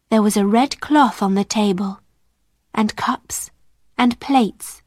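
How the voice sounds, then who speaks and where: A woman narrating a graded-reader storybook in a slow, clear, careful way. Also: mid-range voice, a little mellow, dry recording, studio quality. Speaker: audiobook narrator.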